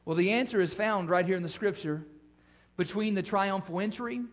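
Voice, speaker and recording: A man with a very high voice preaches a sermon. His cadence rises and falls as he repeats phrases for emphasis. The recording sounds muffled and lo-fi. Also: normal speed. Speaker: pastor.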